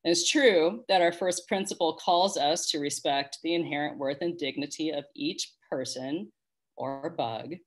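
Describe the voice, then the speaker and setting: A woman's voice: low voice, a little slow. Earnest woman giving a sermon. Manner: calm, earnest, explanatory. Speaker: worship leader. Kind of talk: sermon reflection.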